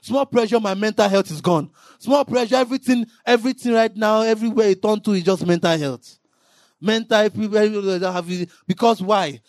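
Man, preacher, impassioned sermon, shouted emphasis, dry close sound. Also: high-pitched, brisk, no room sound.

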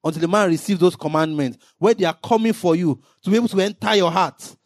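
A man preaching a sermon in an impassioned way, now and then rising into shouted emphasis. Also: high-pitched, quick pace, no room sound, clean studio sound.

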